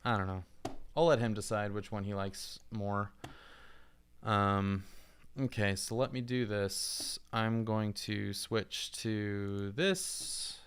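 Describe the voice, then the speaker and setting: A man's voice: fairly low pitch, slow, clean tone. A man chatting casually on a livestream, rambling and thinking aloud as he edits audio. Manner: relaxed, rambling, thinking aloud while editing. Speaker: streamer, content creator.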